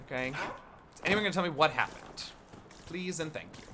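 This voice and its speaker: A woman streaming a game, chatting casually and breaking into excited exclamations and laughter. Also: sits low, moderate pace. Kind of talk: casual live-stream commentary. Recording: loud background noise.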